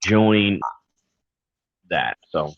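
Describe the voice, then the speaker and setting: A man's voice: sits low, lively intonation, extremely slow, vocal fry, no echo. A man co-hosting a live racing talk show, chatting loosely and rambling through thanks and sign-offs over a video call. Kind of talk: casual live show chat. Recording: tinny phone-like call audio.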